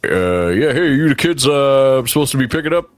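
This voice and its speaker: A man's voice: medium pitch, very animated, brisk, faint music behind, close to an everyday voice. A man voicing a laid-back male orc who drives a tow truck, easygoing and drawling.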